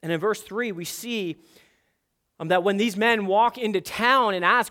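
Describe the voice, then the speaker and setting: A man preaching an expository sermon, emphatic and building to forceful peaks. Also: sits high, normal speed. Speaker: pastor.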